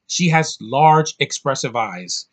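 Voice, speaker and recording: A man's voice: mid-range voice, expressive, takes it slowly. A man giving a casual, rambling movie review vlog, often profane and ranting.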